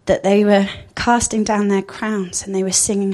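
A woman's voice: medium pitch, flat delivery, moderate pace, few pauses, warm tone. A woman giving an informal sermon, chatty and thinking aloud with frequent fillers. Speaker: speaker giving a church talk.

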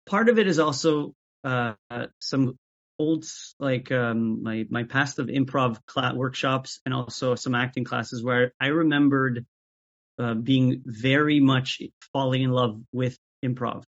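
A man talking as an interview guest about making sketches, even-keeled and often restarting his sentences. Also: medium pitch, measured pace. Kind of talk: casual interview chat. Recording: dull lo-fi audio.

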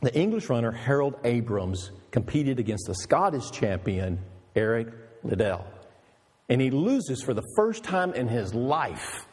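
A man's voice: mid-range voice, very animated, unhurried, darkish tone, breathy edge, in a large hall. A male pastor preaching an emphatic, storytelling sermon with rhetorical questions.

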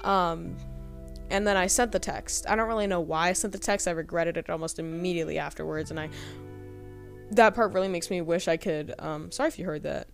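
A woman's voice: fairly low pitch, fairly quick, gravelly, soft background music. A young woman hosting a podcast, telling a personal story in a rambling, hesitant way, full of fillers. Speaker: podcast host.

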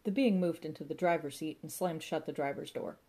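A woman narrating a comic story in a lively, playful way, voicing sound effects as she reads. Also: low voice, brisk. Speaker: audiobook narrator.

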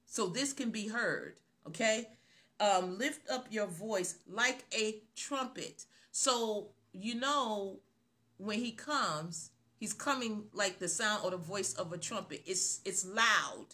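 Woman preacher, sermon delivery, unhurried and emphatic, bright edge to the voice. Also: medium pitch. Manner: emphatic, repeats phrases for stress.

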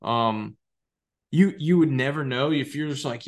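A young man riffs about his fantasy football league on his own show, rambling and excitable. He swears freely and jokes his way through complaints. His voice sits at an ordinary middle pitch. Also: unhurried. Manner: rambling, excitable, profane, jokey. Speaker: podcast host. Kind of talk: casual solo fantasy football talk.

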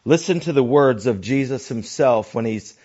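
A pastor preaching a sermon, slow and deliberate, often dropping his voice to a hushed near-whisper for emphasis. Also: mid-range voice, expressive. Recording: dull lo-fi recording.

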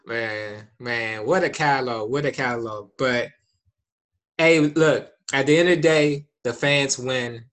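A man's voice: mid-range voice, unhurried, a bit bright. A man co-hosting a casual chat, laid-back and persuasive. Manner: laid-back, persuasive, keeps saying "hey, look". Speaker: co-host.

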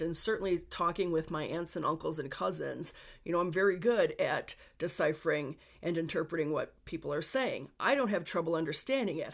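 A woman's voice: deep voice, creaky. A woman with a Western New York accent hosting a solo podcast, chatty and personal, with asides to her listeners. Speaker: podcast host.

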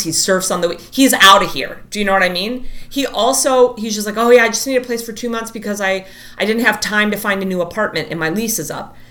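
Bright, animated woman telling a story. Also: mid-range voice. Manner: animated, acts out quotes, says "like" a lot. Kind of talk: casual storytelling chat.

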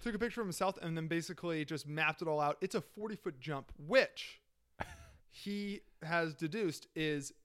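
A man's voice: on the high side, normal speed, fairly bright tone, smooth. A man co-hosting a podcast in loose, enthusiastic casual chat, with some swearing. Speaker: podcast co-host.

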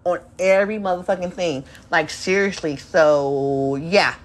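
A woman's voice: fairly low pitch, unhurried. Profane, confrontational woman podcaster. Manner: mocks others in quoted voices. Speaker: podcast host. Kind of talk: angry unscripted monologue.

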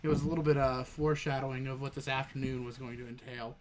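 A man's voice: mid-range voice, little pitch movement, fast, slight background noise. A young man casually telling a funny work story as a podcast co-host, laughing and swearing freely.

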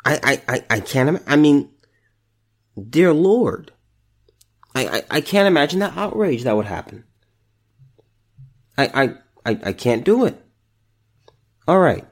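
Exasperated man with a lively voice. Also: on the high side, measured pace, pauses often. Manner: exasperated ranting with repeated restarts. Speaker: podcast host. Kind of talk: solo opinion podcast.

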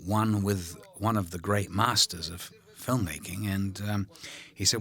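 An older man recalling making a film in a relaxed, rambling commentary, full of ums and drifting into whispers. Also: low-pitched, moderate pace, hardly any pauses. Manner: rambling, warm anecdotes, frequent ums, drops to whispers.

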